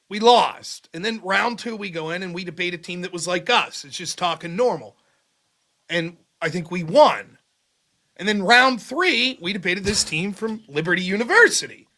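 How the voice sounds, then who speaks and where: A man hosting a casual livestream, telling stories in a loose, profane, animated way. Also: high-pitched. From America. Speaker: host.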